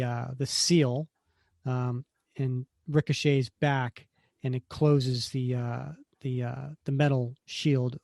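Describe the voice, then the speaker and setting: A man hosting a podcast in casual chat, reading a comic aloud in a relaxed, hesitant way. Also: medium pitch, no room sound, clean studio sound. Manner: relaxed, hesitant, many fillers. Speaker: podcast host.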